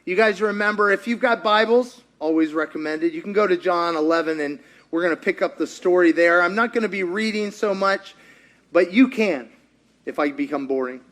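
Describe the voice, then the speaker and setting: A middle-aged male pastor giving a lively sermon, retelling stories with acted quotes and questions to the audience. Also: high voice, moderate pace. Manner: animated storyteller, acts out quotes, asks the audience.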